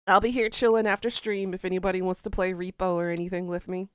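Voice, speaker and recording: A woman's voice: fairly low pitch, flat delivery, fast, smooth, dry recording, clean studio sound. A woman streamer in casual live-stream chat, playful and bawdy, reading out chat quotes and laughing along. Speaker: game streamer.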